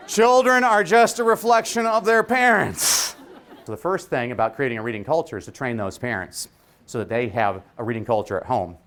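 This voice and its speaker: A man's voice: on the high side, a bit bright, clean tone. A man who is a teacher, giving a joking, preacher-like keynote speech. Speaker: teacher giving a conference talk.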